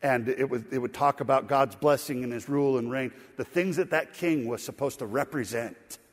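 A middle-aged pastor preaches with a folksy, animated storytelling manner and breaks into easy laughter. His mid-pitched voice rings out with a long reverb tail, as if it were filling a church sanctuary. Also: husky. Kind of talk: sermon with storytelling.

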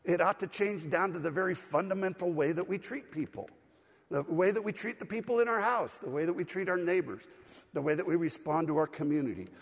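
Husky guy preaching, a bit high, getting over a cold, big echoey church. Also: a little fast. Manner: preaching with call-and-response to the congregation. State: recovering from a cold. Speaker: pastor. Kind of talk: sermon. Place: church sanctuary. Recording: long hall reverb.

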